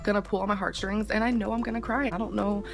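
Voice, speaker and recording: Fast-talking nervous woman vlogger. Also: mid-range voice, fairly even intonation, vocal fry, soft background music. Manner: nervous, anxious, self-pitying. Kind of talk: vlog diary.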